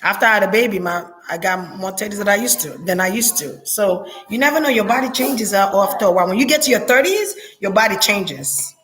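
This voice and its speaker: A woman vlogging in a casual, blunt and profane monologue, talking straight to her viewers, laughing often, with lively jumps in pitch. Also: fairly quick, hardly any pauses.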